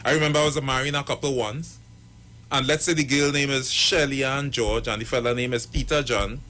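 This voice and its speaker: Lively man, bright voice. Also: mid-range voice, a little fast, a little hiss or hum. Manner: animated storyteller acting out quoted voices. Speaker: pastor and marriage counselor. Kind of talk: radio talk, storytelling advice.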